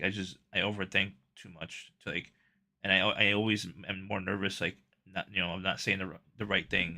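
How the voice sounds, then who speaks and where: A man's voice: low voice, vocal fry, pushed and bright. A man livestreaming, chatting casually with his viewers, rambling and self-conscious with many restarts. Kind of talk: casual live stream chat.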